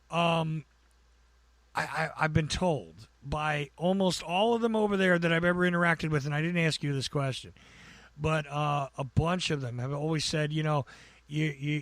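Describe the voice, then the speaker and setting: An American man with a raspy, buzzing voice sits in on a podcast, pitched somewhat high for a man. He rambles and pokes fun at himself, stumbling over restarts. The sound is dry and close. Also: fairly bright tone, no room sound. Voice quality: gravelly, buzzing voice. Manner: rambling, self-deprecating, with stammered restarts. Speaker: podcast guest. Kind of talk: casual chat.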